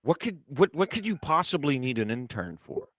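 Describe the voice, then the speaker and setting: A man's voice: mid-range voice, very animated, normal speed, fairly bright tone, no room sound. A man hosting a wrestling podcast in casual chat, telling stories with a teasing manner. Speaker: podcast host.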